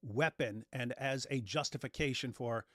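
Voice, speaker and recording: A man's voice: medium pitch, normal speed, fairly bright tone, dry recording, clean studio sound. A man hosting a casual reaction show, explaining and mocking the clips he plays. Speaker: host.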